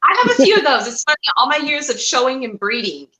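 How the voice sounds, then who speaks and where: A woman guest on a podcast, chatting casually and telling animated stories, often laughing and acting out the voices of people in her stories. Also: sits high, quick pace, reverberant, rough recording. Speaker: guest, cat and reptile breeder.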